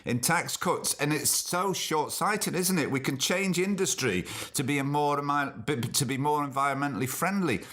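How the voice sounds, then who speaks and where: A man's voice: on the high side, moderate pace, hardly any pauses, fairly bright tone. A middle-aged man from the UK hosting a podcast, reading news items and adding indignant, opinionated asides and rhetorical questions. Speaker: podcast host.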